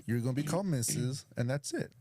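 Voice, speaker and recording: A man's voice: mid-range voice, animated, fast talker, noisy background. A man co-hosting a reaction video, giving blunt, dismissive commentary and repeating his points. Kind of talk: casual opinionated commentary.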